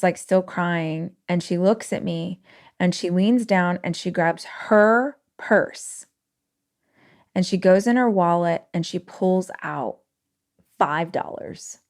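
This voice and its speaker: A woman podcast host telling a personal story with feeling, acting out the dialogue. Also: on the low side. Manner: emotional, animated retelling with quoted dialogue.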